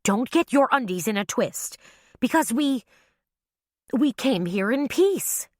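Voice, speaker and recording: A woman reading an audiobook voices a brassy, wisecracking young woman with a shrill, high voice. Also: lively intonation, takes it slowly, no room sound, clean studio sound.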